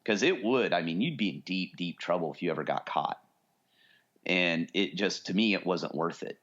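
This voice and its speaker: A man's voice: sits low, lively intonation, moderate pace, a bit bright, lo-fi sound. A man in his forties co-hosting a podcast, telling long stories in casual chat and acting out what people said. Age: 40s. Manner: rambling storyteller, acts out quoted voices. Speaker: podcast co-host.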